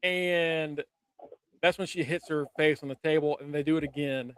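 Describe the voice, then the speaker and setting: A man casually recapping a TV episode, animated, swearing and laughing as he retells scenes. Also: on the high side, normal speed, clean tone. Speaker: podcast co-host. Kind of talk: casual review chat.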